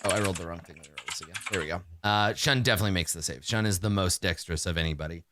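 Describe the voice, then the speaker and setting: A man narrating a tabletop game as game master, halting with many fillers and frequent chuckles. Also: low-pitched, heavy background noise.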